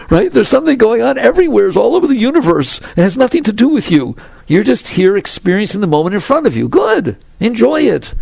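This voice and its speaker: Older male spiritual teacher, rather high, gravelly, very lively delivery. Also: no echo. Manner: animated, laughing often, rhetorical questions. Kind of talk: spiritual talk to an audience.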